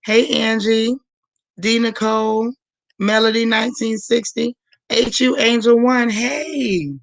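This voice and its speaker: A woman hosts a live stream with a hoarse, gravelly voice. She chats casually and greets viewer after viewer by name. The sound is dry, with no room echo. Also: on the high side, steady tone, slow. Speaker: livestream host.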